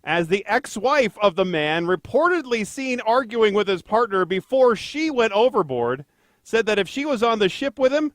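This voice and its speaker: A man with a somewhat high voice hosts a casual podcast, rambling through stories with filler words and self-deprecating jokes. The sound is dry and close, with little room around it. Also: sing-song, normal speed, no room sound. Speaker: podcast co-host, traffic anchor.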